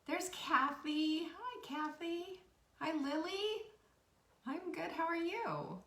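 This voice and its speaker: A woman hosting a live-stream, chatting warmly with viewers and greeting them by name. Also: very high voice, expressive, slow, far from the mic. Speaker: host. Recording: echoey room.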